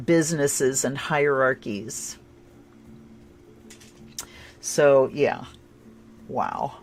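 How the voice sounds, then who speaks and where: A woman doing a casual tarot and astrology reading, chatty and rambling, with sudden bursts of excitement. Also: low-pitched, slight background noise.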